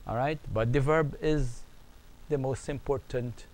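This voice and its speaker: Guy teaching beginner arabic, goes slow, says each phrase over and over. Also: medium pitch, darkish tone, poor audio. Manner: slow, repetitive, drills phrases aloud. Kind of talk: online language lesson.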